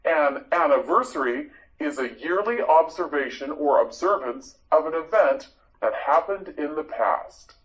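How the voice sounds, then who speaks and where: A man teaching English vocabulary in a slow, repetitive drill, with clear, deliberate pronunciation. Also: fairly high pitch, animated, a bit bright, rough recording.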